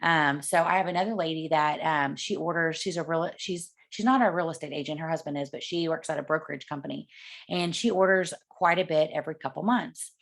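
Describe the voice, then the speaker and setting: This woman's voice is low and gravelly. She's giving sales tips in a casual coaching talk, chatting away and acting out the conversations she cites.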